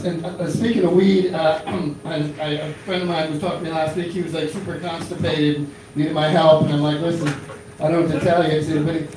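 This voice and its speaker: A man's voice: a little high, noisy background. A man in his thirties from Florida doing a rambling stand-up comedy set in a small club, full of fillers and restarts. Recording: echoey club from a distant mic.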